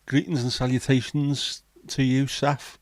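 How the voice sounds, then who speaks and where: A man's voice: medium pitch, level tone, measured pace, no echo. A man hosting a casual livestream, chatting, swearing freely and reading viewer comments aloud. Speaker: livestream host.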